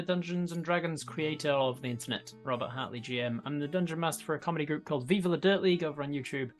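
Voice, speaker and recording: Friendly man plugging his channel. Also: a little high. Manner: friendly, promotional, fast bursts. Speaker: player and game master. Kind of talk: casual stream self-introduction.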